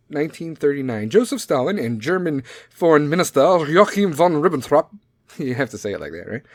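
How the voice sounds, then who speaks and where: A man's voice: mid-range voice, no echo. A man hosting a talk show, casually riffing on history dates with lots of profanity, sarcasm and his own laughter. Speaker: podcast host.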